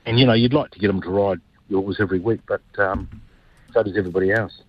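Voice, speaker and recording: A man from New Zealand, a stud owner guesting on a radio show, telling lively anecdotes. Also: fairly low pitch, quick pace, slightly rough, no echo. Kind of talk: radio interview by phone. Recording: muffled dull phone line.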